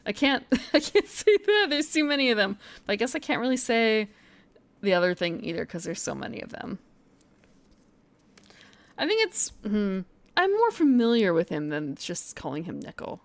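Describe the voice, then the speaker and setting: A woman's voice: on the high side, huge pitch swings, normal speed. A woman streamer chatting casually on a live stream, thinking aloud, muttering to herself and sounding out foreign phrases.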